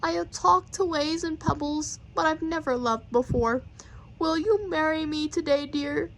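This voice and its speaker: A woman voicing a weary, lonely turtle in a children's poem, speaking softly and tenderly. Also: sits high, a little slow, a little hiss or hum, poor audio. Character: lonely, weary old male turtle in love.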